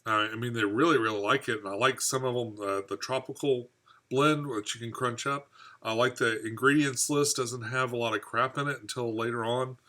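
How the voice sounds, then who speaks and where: A man's voice: mid-range voice, fairly even intonation, brisk, bright, forceful tone. A man from the United States hosting a casual live stream about his aquarium hobby. He rambles and chats while answering viewer comments. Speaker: aquarium hobby channel host.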